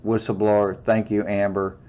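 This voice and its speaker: A man's voice: lowish voice, little pitch movement, normal speed, dull audio, background noise. A man hosting an interview, speaking briefly and affirming his guest. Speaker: host.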